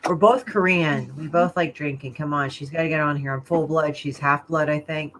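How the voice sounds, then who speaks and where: A woman talks crudely and freely on a video call from home, a little drunk and swearing as she goes. Her voice sits on the low side, and clear background noise runs under the stream. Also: steady tone, moderate pace, a bit bright. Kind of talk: casual chat on a livestream.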